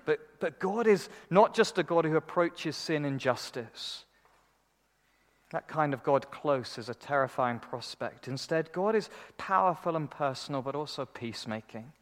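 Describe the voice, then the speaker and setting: A man's voice: on the high side, expressive, moderate pace. A man preaching a sermon in an earnest, conversational way, often repeating words as he starts a thought.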